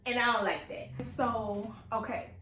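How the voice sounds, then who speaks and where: A woman's voice: a little high, a little slow, pushed and bright. A young woman, chatting playfully about a book she is reading and reacting with laughter. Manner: playful, laughing, reads passages aloud with reactions. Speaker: book vlogger. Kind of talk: casual reading vlog chat. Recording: echoey room with faint ambient noise.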